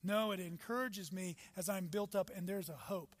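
Pastor guy preaching, high voice, big hall echo, punches words then goes quiet. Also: moderate pace. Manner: emphatic preaching with sudden loud rises and soft drops. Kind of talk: sermon. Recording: long hall reverb.

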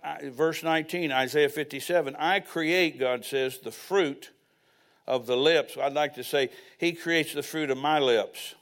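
Folksy older preacher, slightly high voice. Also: male voice, a little slow, a bit bright. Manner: folksy storytelling preacher with asides. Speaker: pastor. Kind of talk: sermon.

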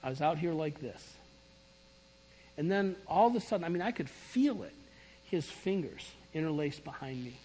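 A middle-aged man preaching a sermon, telling his story in an animated, emphatic way. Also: fairly high pitch, moderate pace, husky. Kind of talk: sermon testimony. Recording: long reverb of a large hall.

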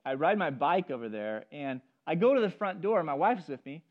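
A man's voice: on the high side, lively intonation, moderate pace, lo-fi sound. A man preaching a sermon, telling stories and speaking directly to the congregation and its children. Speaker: pastor. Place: church service.

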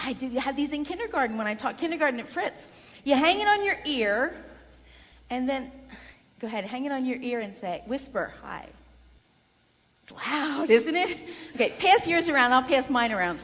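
A woman leading a voice workshop for singers in a chatty, lively way with frequent laughter. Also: sits high. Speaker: vocal coach. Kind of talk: voice workshop lesson. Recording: long reverb in a large room.

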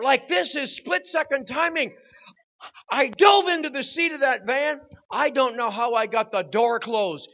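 An older man preaching at a youth service, telling a story with growing drama and shouting at its peak. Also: very high-pitched, unhurried, creaky. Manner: animated storyteller, voice rising to shouts at the climax. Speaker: guest preacher. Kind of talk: storytelling sermon. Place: church hall at a youth service. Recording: dull lo-fi recording.

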